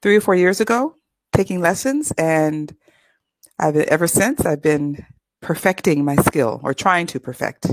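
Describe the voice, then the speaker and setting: A woman's voice: fairly low pitch, lively intonation, measured pace, no echo, poor audio. A woman from California with a Californian American accent, an English tutor chatting upbeat and easily in an interview. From California, USA. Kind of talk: casual interview.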